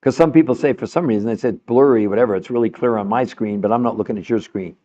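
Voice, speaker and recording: A man's voice: medium pitch, fast. Chatty older man on lo-fi audio. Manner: chatty and animated, laughs often, keeps calling the listener by name. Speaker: health show host talking to a caller. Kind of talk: casual live call-in chat.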